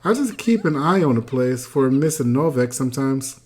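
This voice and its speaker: A bookish young penguin librarian who speaks in a mild, friendly, relaxed way, as a game player voices him. The voice stays close to everyday speech, with a lively rise and fall. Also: medium pitch, moderate pace, pitched below the performer's own voice, natural voice. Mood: calm.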